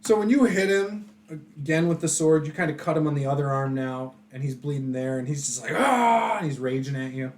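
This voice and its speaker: A man's voice: medium pitch, steady tone, brisk, a little mellow. A man running a tabletop game as game master, describing the action casually with fillers and laughs.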